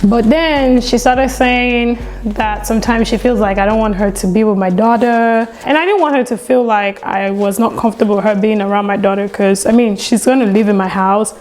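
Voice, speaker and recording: A young woman telling a story on her vlog in a chatty, animated way, full of "like" and "you know.". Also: medium pitch, moderate pace, few pauses, faint music behind, poor audio. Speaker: vlogger.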